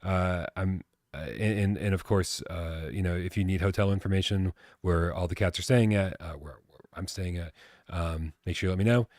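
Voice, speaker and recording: Low-voiced man rambling on a live stream. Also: fairly even intonation, moderate pace, a little mellow, no room sound, studio quality. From Boston area. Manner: rambling, swears, reads chat aloud. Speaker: podcast co-host. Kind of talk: casual live-stream chat.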